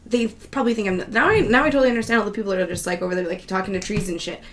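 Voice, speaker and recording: A woman's voice: medium pitch, very fast. Chatty, laughing woman host. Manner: chatty, laughs often, swears freely. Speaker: show host. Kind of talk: casual monologue chat.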